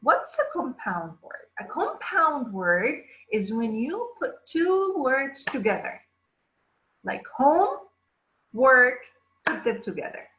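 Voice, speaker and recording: A woman teaching an English lesson to children, drawing out words slowly and asking the class questions. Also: fairly high pitch, very animated, a bit bright. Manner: slow, drawn-out words, addressing children. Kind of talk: distance-learning phonics lesson. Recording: roomy, dull lo-fi sound.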